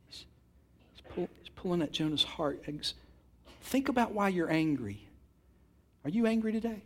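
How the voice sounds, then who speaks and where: A man preaching a sermon, moving from quiet, intimate passages to loud, emphatic ones, repeating words for stress. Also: sits high, animated, normal speed, long pauses. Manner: repeats and restarts words when stressing a point. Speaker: pastor.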